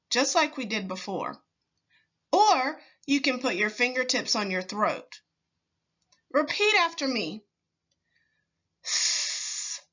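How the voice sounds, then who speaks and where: A woman teacher leading a slow, clear phonics lesson for young children, patiently sounding out words with deliberate pauses. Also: high-pitched, bright, forceful tone, lo-fi sound.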